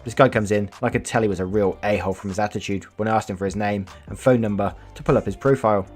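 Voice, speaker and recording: A man's voice: fairly low pitch, quick pace, darkish tone, soft background music. A man reading online stories aloud as a YouTuber, casual, swearing, breaking off to react and comment. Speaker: storytelling YouTuber.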